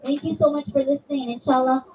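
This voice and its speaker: Brief: woman storyteller for kids, high, lively voice, slightly distant, dull mic with faint hall noise. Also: quick pace. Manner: expressive, addresses the children directly. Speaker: children's religious storyteller. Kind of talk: storytelling for children at a religious gathering. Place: community center hall.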